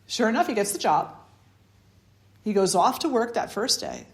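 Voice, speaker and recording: A woman's voice: mid-range voice, very animated, normal speed, pauses often. A woman spiritual teacher giving an informal dharma talk, telling a story in a chatty way and acting out the voices in it.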